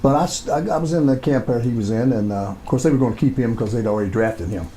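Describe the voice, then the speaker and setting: A man's voice: medium pitch, quick pace, dark tone, rough recording. Older southern guy from kentucky, rambly folksy stories, faint hiss behind. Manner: folksy, rambling, repeats words. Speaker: guest, retired pro wrestler. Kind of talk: casual storytelling chat.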